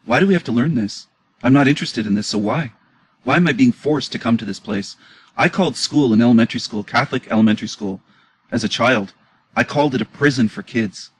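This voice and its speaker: A man with a husky, slightly rough voice talks back at clips in an emotional reaction commentary. He sounds indignant, pressing the same questions again and again. His pitch sits right in the middle. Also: rough recording.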